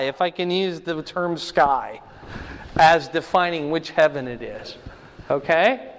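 A man teaching a Bible lesson verse by verse, explaining slowly and checking in with "right?" and "okay?". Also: fairly high pitch, long reverb tail.

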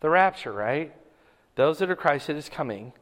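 A pastor preaching a sermon, reading Scripture loudly and dropping his voice low for asides. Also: lively intonation, moderate pace, long reverb tail.

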